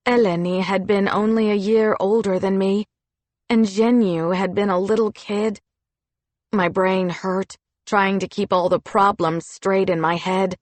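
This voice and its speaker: A woman narrating a children's fantasy audiobook in a steady storytelling delivery. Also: mid-range voice, dry recording. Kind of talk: scripted narration.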